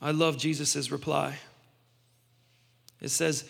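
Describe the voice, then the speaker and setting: Man, thirties, preacher, sermon, high voice, conversational, emphatic. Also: moderate pace, sharp tone. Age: 30s. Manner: conversational, emphatic, with restarts and asides. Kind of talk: sermon with personal testimony.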